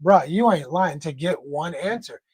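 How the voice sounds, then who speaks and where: A man with an American accent hosting a casual livestream chat, joking around and reading viewer comments aloud in a quick, loose way. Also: on the high side, lively intonation, husky, dry recording. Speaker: livestream host.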